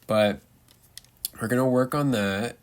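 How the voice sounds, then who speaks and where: A man's voice: medium pitch, takes it slowly, background noise. A young man giving rambling, chatty commentary while showing off a game build, playful and loose. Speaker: Minecraft builder. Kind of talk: casual gameplay commentary.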